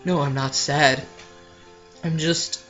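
A man voicing an anxious, apologetic young woman in a video game, reading haltingly. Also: fairly high pitch, fairly even intonation, a bit bright, dull audio, faint music behind. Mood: remorseful.

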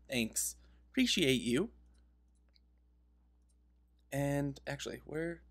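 A man's voice: mid-range voice, lively intonation, a little slow, long pauses, fairly bright tone. A man giving casual gaming commentary, rambling through a story and interrupting himself, laughing at his own telling. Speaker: game video creator.

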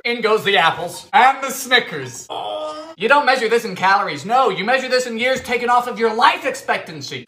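A young man hosts a comedic baking video, cracking jokes with sudden shouts and squeals. His pitch swings widely from line to line, and his voice is bright and forward. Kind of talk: comedic recipe vlog.

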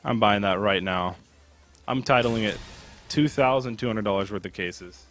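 A man hosting a gaming channel, chatting casually as he opens game cases, excitable and swearing with loud bursts of disbelief. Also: on the low side, normal speed, soft background music. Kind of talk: casual live commentary while opening game cases.

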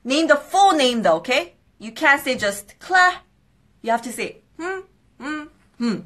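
Bright bubbly woman hosting a live stream. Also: high-pitched. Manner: bubbly, excitable, quick apologetic asides. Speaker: host of a live skincare quiz stream. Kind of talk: casual live-stream chat.

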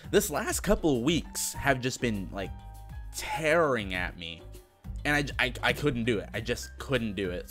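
A man's voice: lowish voice, a bit bright. A young man ranting casually in a vlog, swearing a lot, with an exasperated, sarcastic manner. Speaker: vlogger.

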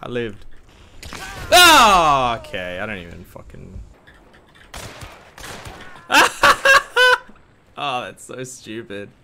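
A man streaming a multiplayer game, laughing often and swearing loudly as the action swings. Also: on the low side, moderate pace, gravelly, hardly any pauses, noisy background. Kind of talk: casual gaming stream chat.

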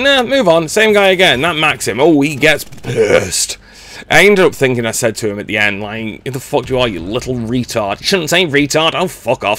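A man's voice: medium pitch, a bit bright. A middle-aged man gives a blunt, sweary rant as gameplay commentary. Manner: sweary, blunt, exasperated ranting. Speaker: gaming channel host.

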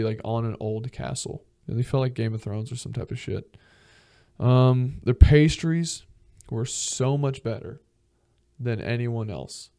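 Young man telling profane travel stories. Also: medium pitch. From Georgia, US. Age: young adult. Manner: profane, animated, acts out quoted people. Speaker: podcast host. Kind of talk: casual storytelling monologue.

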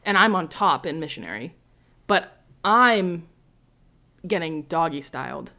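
Blunt, animated young woman hosting a podcast. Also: low voice, unhurried. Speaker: podcast host. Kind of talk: casual chat.

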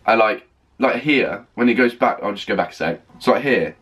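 A man reacting to an album on a first listen, gushing and excitable, stopping often to rave about what he hears. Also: fairly low pitch, normal speed. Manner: gushing, excitable, full of "oh my God" and "like". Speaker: music reaction vlogger. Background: faint music playing.

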